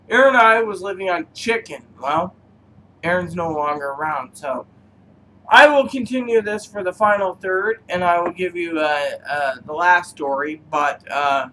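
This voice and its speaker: A man reviewing cigars who rambles through personal stories, halting often with fillers. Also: high-pitched, sharp tone, low-quality recording. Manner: meandering, halting, full of fillers.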